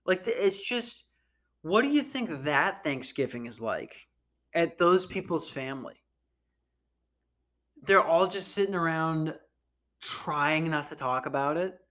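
A man's voice: fairly high pitch, animated, unhurried, pauses often, pushed and bright. A man hosting a podcast, riffing in casual, profane, rambling comedic commentary on news stories. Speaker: podcast host.

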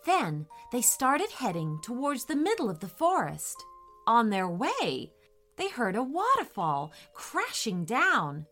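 A woman's voice: a little high, slow, faint music behind. A woman hosting and narrating children's storybook stories, upbeat and speaking straight to the kids. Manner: upbeat, lively, addressing kids directly. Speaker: host and storyteller.

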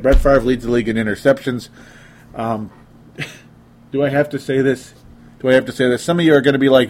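A man's voice: mid-range voice, steady tone, fairly quick, a little mellow. A young man hosting a casual sports talk show, reading listener comments aloud and joking around. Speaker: sports podcast host.

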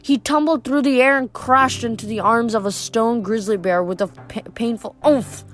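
A woman reads a novel aloud in a steady storytelling way. Her voice is notably high, and faint music plays beneath the reading. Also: normal speed. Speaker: reader.

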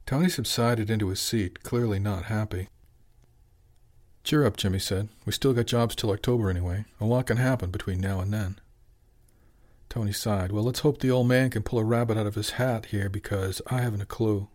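A man reading a novel aloud as narrator, even in his storytelling and lifting his voice for the characters' lines. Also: on the low side, a little fast. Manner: even storytelling, lifts into dialogue. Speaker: audiobook narrator. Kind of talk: scripted narration.

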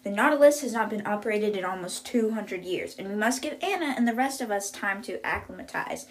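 A woman voicing a stern female instructor giving orders to students, loud and commanding. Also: medium pitch, lively intonation, fairly quick, faint music behind, lightly acted.

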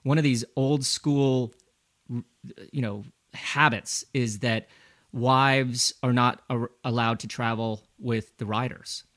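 A man's voice: mid-range voice, fairly even intonation, slow, a bit bright, dry recording. Brief: male interview guest with a mid-range voice, an anecdotal storyteller, recorded dry and close. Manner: easygoing anecdotal storyteller who acts out quoted lines. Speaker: guest, former pro cyclist.

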